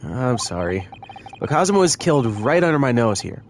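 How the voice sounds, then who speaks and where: A man's voice: medium pitch, very animated, fairly quick, slight background noise, close to an everyday voice. A man reading game dialogue aloud as an earnest, flustered young male defendant, in a pleading, emphatic manner. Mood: determined. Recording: faint music behind.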